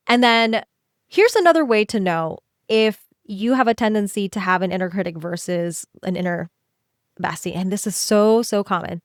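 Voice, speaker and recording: A woman hosting a solo career-coaching podcast, talking to listeners in an animated way and acting out quoted voices. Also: medium pitch, no room sound, studio quality.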